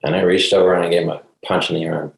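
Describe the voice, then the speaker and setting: Deep, gravelly man telling his story. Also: racing, roomy sound, rough recording. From Canada. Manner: relaxed, conversational, frequent ums. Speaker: cancer survivor sharing his story. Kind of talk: casual personal testimony. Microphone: video call.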